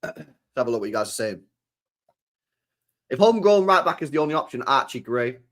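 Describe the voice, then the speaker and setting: A man's voice: mid-range voice, sing-song, fairly quick, pauses often, fairly bright tone. A man hosting a live stream, ranting about football in a repetitive, slangy, sweary way. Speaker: streamer host.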